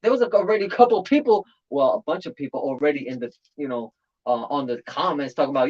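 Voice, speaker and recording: A man in casual commentary on a battle rap tournament, talking in an animated way and repeating phrases for emphasis. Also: fairly high pitch, a little fast. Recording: slightly dull lo-fi audio.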